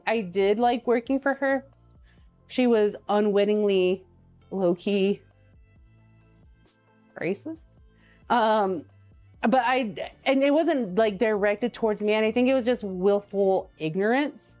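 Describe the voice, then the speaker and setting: A woman's voice: on the high side, darkish tone. A woman hosting a live cooking stream, chatting casually and telling stories while she cooks and reads viewer comments aloud.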